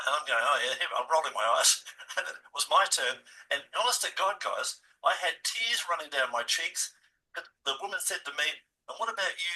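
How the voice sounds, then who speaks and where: A man in his seventies hosting a podcast, telling stories in a casual, animated way and often calling his listeners guys. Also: on the high side, far from the mic, rough recording. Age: 70s. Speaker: podcast host. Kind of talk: casual interview chat.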